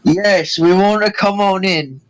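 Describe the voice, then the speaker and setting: A man's voice: sits high, unhurried, poor audio. A man playing a tabletop game, talking easygoing in and out of character. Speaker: player. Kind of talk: tabletop role-play banter.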